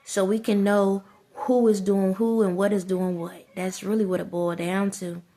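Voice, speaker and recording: A woman talks casually to her viewers in a rambling vlog rant. She circles back on her own points and often breaks into laughter. Her voice sits at an ordinary middle pitch. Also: little pitch movement, moderate pace, warm tone. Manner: rambling, repetitive ranting with frequent laughter; colloquial, addresses viewers as y'all. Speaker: vlogger.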